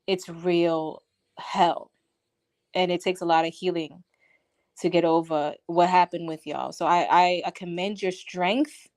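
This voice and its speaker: A woman hosting a live-stream chat, talking in animated, indignant bursts. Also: on the low side, moderate pace. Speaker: host.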